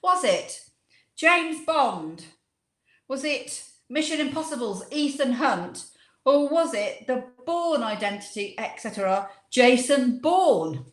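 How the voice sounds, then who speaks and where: A woman's voice: high-pitched, animated, takes it slowly. A woman hosting a quiz on a live cocktail show, playful and teasing in a casual chat. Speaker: quiz host on a cocktail livestream. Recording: echoey room.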